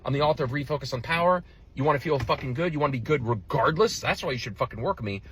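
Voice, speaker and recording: A man's voice: medium pitch, lively intonation, rapid-fire, a bit bright, a little hiss or hum. A male relationship coach reacting to another video in a blunt, heated, profane rant. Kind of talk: reaction commentary.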